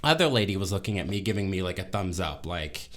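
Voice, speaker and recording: A man in his thirties tells a personal story straight to camera in a loose, rambling way, often stopping to correct himself. His voice sits very low. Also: fast. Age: 30s. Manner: rambling, self-correcting, animated retelling. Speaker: vlogger. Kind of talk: casual storytelling monologue.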